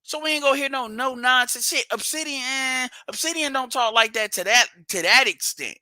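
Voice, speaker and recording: A man's voice: very high voice, moderate pace, bright, forceful tone, no echo. A man hosting a livestream, ranting bluntly and profanely and hammering his points through repetition. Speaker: livestream host.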